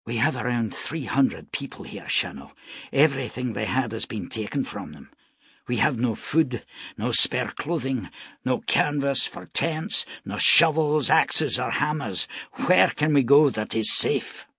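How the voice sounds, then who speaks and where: A man's voice: mid-range voice, expressive, unhurried, pushed and bright, husky, dry recording, clean studio sound, full character voice. A man reading aloud voices a stern, grim red-headed frontier parson who speaks firmly and preacherly. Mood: urgent. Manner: firm, preacherly admonishing.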